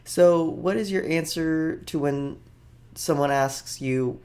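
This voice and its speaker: A male podcast host who reads out headlines and riffs on each one with offhand jokes. His delivery is loose and rambling, and his voice sits in an ordinary middle pitch. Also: a little slow, creaky, darkish tone. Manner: jokey, rambling, offhand asides. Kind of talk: casual comedic news commentary.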